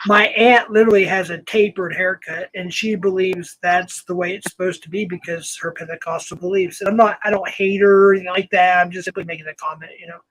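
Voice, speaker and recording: A man's voice: high-pitched, steady tone, fairly quick, few pauses, a bit bright, dry recording, low-quality recording. A man in his fifties hosting a live stream, chatting in a rambling way and talking straight to his viewers. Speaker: host. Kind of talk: casual live-stream chat.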